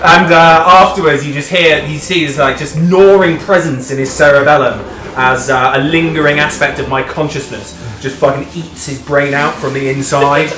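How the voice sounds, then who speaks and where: A man's voice: a little high, fairly even intonation, moderate pace, hardly any pauses. A man playing a tabletop game, tallying rolls aloud and describing his attack casually. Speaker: player. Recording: roomy, loud music behind.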